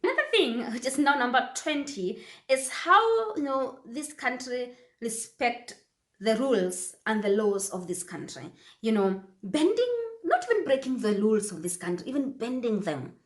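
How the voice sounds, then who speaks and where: A woman's voice: fairly high pitch, sing-song, normal speed, roomy sound. A woman from Kenya, talking casually to camera as a vlogger and repeating phrases for emphasis.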